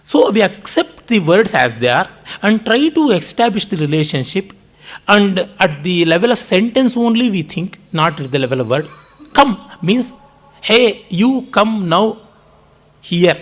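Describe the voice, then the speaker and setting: A man with an Indian English accent giving a public lecture, explaining at a measured pace with frequent pauses and restarts. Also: high voice, big pitch swings. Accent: Indian English, Kannada. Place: lecture hall.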